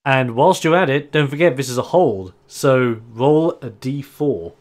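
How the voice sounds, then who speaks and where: A man's voice: medium pitch, measured pace. A man running a tabletop role-playing game as game master, narrating the action casually and laughing often.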